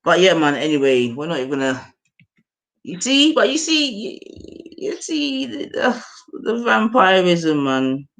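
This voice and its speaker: Woman streamer, casual slangy chat, lively swooping pitch, slow unhurried delivery. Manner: slangy, animated, lots of fillers like "yeah, man" and "you get me". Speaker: streamer reacting to music.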